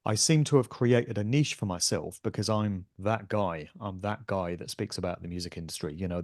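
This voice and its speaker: A man's voice: low-pitched, a little mellow, no echo, studio quality. A man guesting on a podcast interview, talking in an earnest, emphatic way as an author and speaker.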